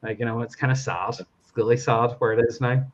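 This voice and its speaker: A man's voice: mid-range voice, steady tone, fairly quick. Rambling man, lo-fi sound. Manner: rambling, laughs often, swears. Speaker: podcast guest. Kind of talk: casual chat.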